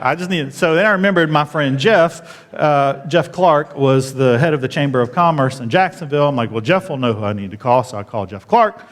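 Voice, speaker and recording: A man, a pastor, telling a story in a sermon and getting animated as he retells his outrage. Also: a little high, brisk, some chatter behind. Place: church auditorium. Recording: church hall reverb.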